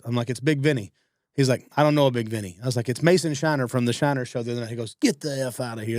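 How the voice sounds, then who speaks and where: A man talks at a brisk clip, telling a story on a podcast. He slips into other people's voices as he quotes them. The sound is close and dry, with no room echo. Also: mid-range voice. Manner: fast-talking, animated quoting of others. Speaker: podcast co-host. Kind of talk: casual storytelling.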